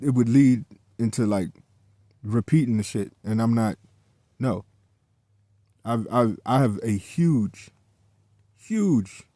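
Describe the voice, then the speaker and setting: A man's voice: medium pitch, warm tone, slightly rough, dry recording. A man telling a personal story in a casual, heated monologue, swearing often and repeating himself as he goes.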